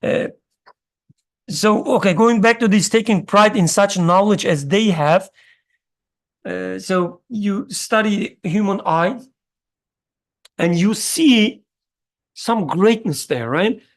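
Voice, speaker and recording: A mid-pitched voice, neither high nor low, talks through an idea in a religious study circle. The speaker stops often with fillers and searches aloud for the right word. They pose questions to the group and then answer them. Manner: halting, searches for words, many fillers; questions the listeners and answers itself.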